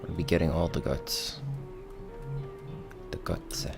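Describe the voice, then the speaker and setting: Low, gravelly, playful male streamer. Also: level tone, unhurried, over music. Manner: rambling, playful, talks to chat. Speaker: game streamer. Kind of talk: casual gaming commentary.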